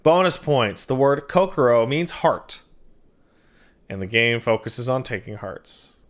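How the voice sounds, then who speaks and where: A man streaming a game, chatting casually and reading out donations with jokey, quick asides. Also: mid-range voice, animated.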